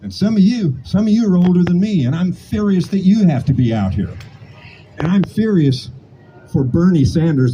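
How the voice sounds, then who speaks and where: A man's voice: on the high side, expressive, normal speed, dark tone, slight background noise, low-quality recording. A man in his late sixties giving an impassioned protest speech outdoors, building his points through repetition. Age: 60s. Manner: impassioned, repetitive rhetorical cadence. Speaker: protest speaker. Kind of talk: rally speech.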